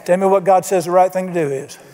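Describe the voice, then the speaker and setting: A pastor with a high, dark-toned voice preaches a sermon fast and in a steady tone, telling folksy stories and acting out the people he quotes. The church sanctuary gives the long reverb of a church hall.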